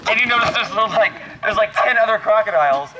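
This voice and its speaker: A man telling a long joke in an animated, chuckling way, often restarting his sentences. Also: sits high, fast. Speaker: joke teller. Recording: loud background noise.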